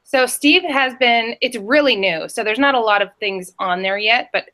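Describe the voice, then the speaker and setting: Bright-voiced chatty woman reseller. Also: on the high side, moderate pace. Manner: chatty and rambling, lively storytelling. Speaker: reseller on a panel show. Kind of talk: casual chat.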